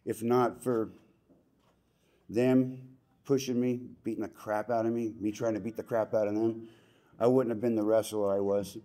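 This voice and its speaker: A man's voice: lowish voice, steady tone, normal speed, warm tone. A middle-aged man giving an emotional hall of fame acceptance speech in a plainspoken, folksy way with casual slang. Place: banquet hall ceremony.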